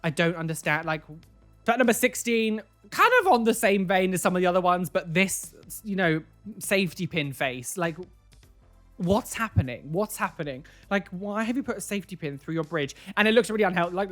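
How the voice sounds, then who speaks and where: A man's voice: sits high, normal speed, a bit bright, faint music behind. A man hosting a casual reaction video, talking in an incredulous way that is full of repeated "like" and "what", and giving preachy warnings to viewers.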